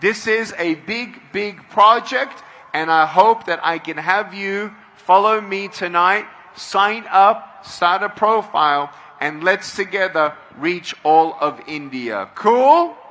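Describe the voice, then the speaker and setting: A middle-aged man giving a motivational speech to a large crowd at an outdoor event, leading call-and-response and often shouting. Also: high voice, expressive, takes it slowly, few pauses, a little hiss or hum. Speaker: motivational speaker.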